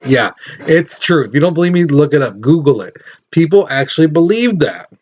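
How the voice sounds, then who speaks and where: A man's voice: on the high side, sing-song, a little fast, warm tone, dull audio. A man teaching a recorded history lesson in a casual, rambling way, with lots of fillers.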